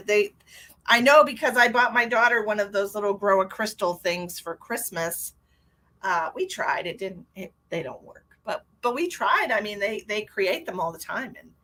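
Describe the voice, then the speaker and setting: A chatty middle-aged woman hosting a live stream, her voice sitting at an ordinary middle pitch for a woman. She talks casually and tells stories, laughing often and greeting viewers by name. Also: animated, measured pace, bright, forceful tone.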